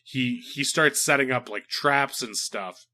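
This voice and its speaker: A man's voice: medium pitch, unhurried, bright, forceful tone. A man hosting a comedy podcast, reviewing a film in rambling casual chat full of filler words. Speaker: podcast host.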